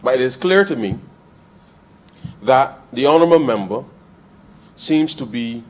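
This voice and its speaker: Barbadian male parliamentarian, middle-pitched voice, desk mic in the chamber, restarts and repeats, punches points hard. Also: expressive, a little slow. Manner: addresses the chair as "sir" nearly every phrase; repeats and restarts phrases, building to forceful emphasis. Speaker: member of parliament. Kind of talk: parliamentary debate speech.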